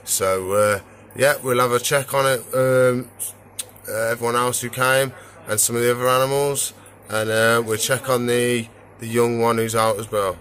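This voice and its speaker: Touring his pet animals and their tanks, this vlogger talks in a mid-range voice at normal speed, with slight background noise. The chat is relaxed and meandering, peppered with easygoing "so yeah" fillers.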